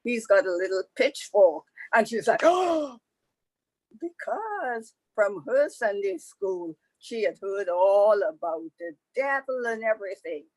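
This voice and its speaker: A woman from the Caribbean telling a folktale to a live audience, lively and conversational with asides. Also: mid-range voice, unhurried, hardly any pauses, no echo, rough recording. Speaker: storyteller.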